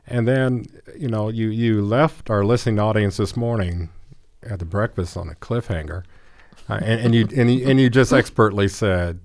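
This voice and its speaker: Man, radio host, lowish pitch, conversational questions with stumbles. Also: expressive, a little fast, dry recording. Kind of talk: radio interview. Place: radio studio.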